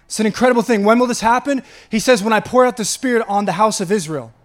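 A man's voice: sits high, quick pace. A man with a Long Island accent preaching a sermon, reading scripture aloud and chuckling between his points. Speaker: pastor.

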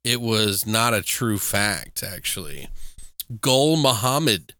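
A man's voice: lowish voice, animated, slow pace, bright, forceful tone, no room sound, studio quality. A man co-hosting a podcast, casually and profanely recapping movie plots and reading out trivia. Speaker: podcast co-host reviewing movies. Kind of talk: casual chat.

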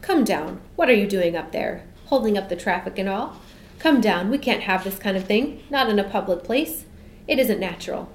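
A woman voicing a blustering middle-aged policeman who scolds loudly and bossily. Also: mid-range voice, takes it slowly, roomy sound, slight background noise, close to an everyday voice. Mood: angry. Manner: loud, bossy.

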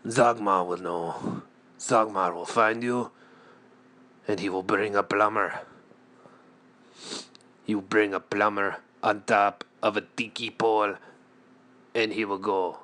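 A man delivering an absurdist comic monologue in a deadpan way, asking rambling rhetorical questions. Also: fairly low pitch, slow, pauses often. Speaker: comedian.

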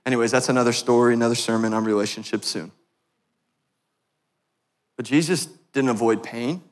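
A man preaching a sermon as a pastor, passionate and joking with his congregation, swinging from hushed tones to loud, fervent peaks. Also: medium pitch, steady tone, moderate pace. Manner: laughs and jokes with the congregation. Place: church sanctuary. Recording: long reverb of a church hall.

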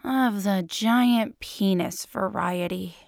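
A woman puts on a sheepish male agent, mopey and unsure of himself. He speaks hesitantly, softer and slower than her narration. The sound is dry and close. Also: medium pitch, creaky, dry recording.

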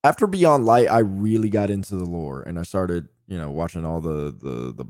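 A man's voice: low-pitched, expressive, moderate pace, darkish tone, no room sound, studio quality. A man co-hosting a gaming podcast, chatting casually and animatedly. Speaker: podcast co-host. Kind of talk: casual chat.

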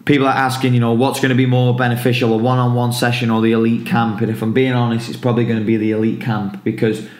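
A man's voice: mid-range voice, flat delivery, fast talker, hardly any pauses, a little mellow, echoey room. A man hosting a casual football podcast, laid-back as he plugs his coaching camps.

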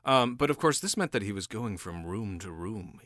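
Animated bright-voiced man telling history. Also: lowish voice, normal speed, no room sound, studio quality. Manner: swearing, laughing, mocking put-on voices. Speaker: podcast co-host. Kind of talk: casual history chat while drinking.

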